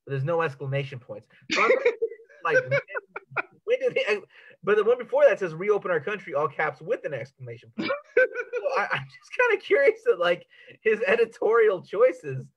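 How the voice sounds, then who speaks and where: A man's voice: high-pitched, wildly swooping pitch, moderate pace, a bit bright. A man in casual conversation who stumbles over his words and picks apart small details with amused disbelief. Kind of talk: casual chat. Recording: dull lo-fi audio.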